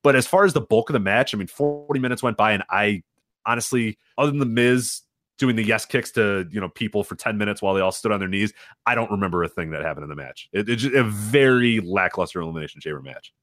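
A man's voice: on the low side, fast talker, fairly bright tone, dry recording, clean studio sound. A man co-hosting a wrestling podcast, ranting casually and profanely, slipping into mocking quoted voices. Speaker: podcast co-host. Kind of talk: casual wrestling review chat.

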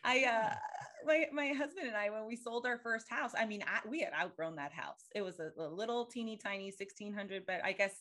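A woman's voice: mid-range voice, brisk, a bit bright. A woman with a mid-range voice chats on a podcast. She is talkative and emotional, laughing often as she tells stories. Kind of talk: casual conversational chat.

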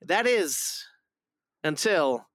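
A man's voice: on the high side, sing-song, very slow, a bit bright, no room sound, clean studio sound. A man hosting a casual film review podcast, rambling with lots of fillers and restarts.

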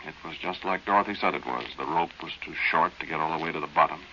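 A young man telling his spooky desert story, super low and gravelly, sharp edge, old muffled radio play with a bit of hiss. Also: quick pace. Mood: storytelling. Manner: plain-spoken storytelling, drops to tense murmurs. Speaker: narrator and lead character. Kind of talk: 1940s radio acting. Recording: dull old radio recording with faint hiss.

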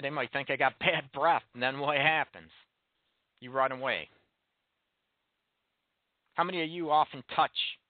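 On a call-in relationship advice show, a male host speaks frankly in a medium-pitched voice, hitting his listeners with blunt rhetorical questions in a radio monologue. The audio is dry and tinny, like a phone line.

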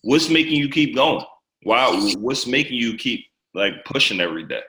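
A man hosting a casual podcast interview, talking in an emphatic, animated way. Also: mid-range voice, normal speed. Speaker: podcast host. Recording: echoey room.

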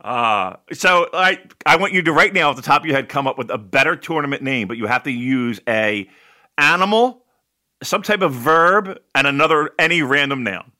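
A man chatting loosely on a podcast, with a bright, forward voice. His pitch jumps around a lot as he jokes. He swears casually and breaks into laughter often. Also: animated, moderate pace. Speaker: podcast host. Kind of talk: casual chat.

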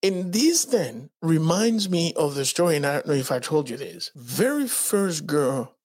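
Male podcast co-host from the Dominican Republic, lively storyteller with a pitch that swings widely, voices his quotes, blunt talker. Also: a little slow. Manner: animated storyteller acting out quotes in raised voices; swears freely.

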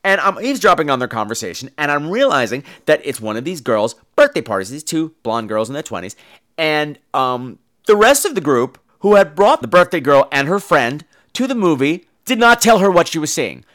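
A man hosting his own podcast, chatting casually in a campy, animated way and slipping into playful put-on voices. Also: on the high side, fairly quick. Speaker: podcast host. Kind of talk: casual solo podcast chat.

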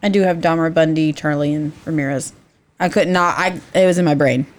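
A woman's voice: deep voice, fairly even intonation, brisk. A woman co-hosting a casual podcast, reading from her notes, tripping over names and poking fun at herself. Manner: reads from notes, stumbles on names, self-mocking. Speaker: podcast co-host. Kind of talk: casual true-crime podcast chat.

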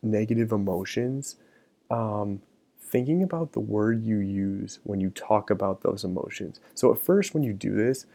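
A middle-aged man talks through his podcast episode in a relaxed, meandering way, leaning on fillers as he thinks aloud. His voice sits low with a gravelly edge and a dark, mellow tone. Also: moderate pace. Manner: relaxed, many fillers like um and you know. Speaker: podcast host. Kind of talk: casual solo podcast talk.

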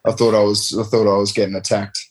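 A relaxed man in his thirties spins a long, rambling story with the odd curse. His voice sits a little low in pitch. He talks like a sportsman chatting with a mate. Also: quick pace, breathy edge. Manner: rambling, laid-back, swears freely. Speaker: professional rugby player guest. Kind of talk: casual storytelling.

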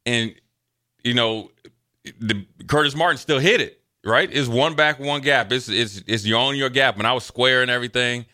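A man on a sports talk show spins loose, chatty stories from his playing days. His voice is bright and forceful at a middle pitch, and he jumps into the voices of coaches and teammates as he tells it. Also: moderate pace. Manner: animated storyteller, acts out quotes, loose and chatty. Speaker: sports radio co-host, former NFL player. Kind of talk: casual sports talk storytelling.

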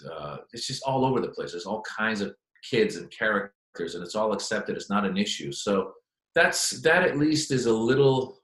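Chatty low-voiced man in an echoey room. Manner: chatty, animated storytelling with quick asides. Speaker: stand-up comedian. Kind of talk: interview answers.

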